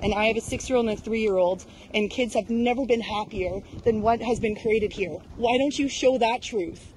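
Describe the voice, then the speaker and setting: A woman in her thirties confronting a news crew outdoors at a protest, accusing them with rapid rhetorical questions. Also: fairly high pitch, a little mellow, slight background noise, poor audio. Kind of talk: heated street confrontation.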